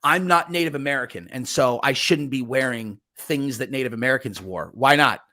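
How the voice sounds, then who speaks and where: A man hosting a podcast, ranting and cracking crude jokes in an excitable, profane way. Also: mid-range voice, fairly quick. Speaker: podcast host. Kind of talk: crude comedic banter.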